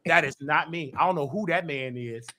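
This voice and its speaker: Loud gossip host guy, high bright voice, aave, fast trash talk, keeps yelling. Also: a little hiss or hum. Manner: brash, rapid, trash-talking, shouts often.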